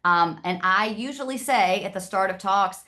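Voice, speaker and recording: A woman's voice: medium pitch, normal speed, pushed and bright. Woman, Southern American accent, presenter, chatty, direct. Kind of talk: casual talk to an audience.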